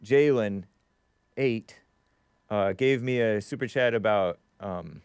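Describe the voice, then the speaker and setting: A man's voice: lowish voice, takes it slowly, clear, resonant tone, dry recording. A man hosting a live talk stream, reading viewer chats with a wry tone and frequent laughs. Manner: wry, laughs often, trails off and restarts. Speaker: show host.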